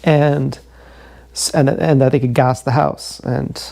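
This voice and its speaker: A man livestreaming a raw, emotional confessional monologue, halting and repeating his words. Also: mid-range voice, fairly even intonation, vocal fry, mellow, a little hiss or hum.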